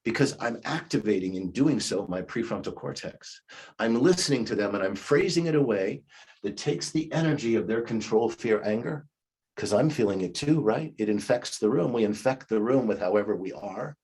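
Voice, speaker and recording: Husky-voiced man in his fifties teaching. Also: lowish voice, expressive, normal speed, a little mellow. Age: 50s. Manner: conversational teaching, acts out quoted replies. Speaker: leadership coach. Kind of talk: recorded class lecture.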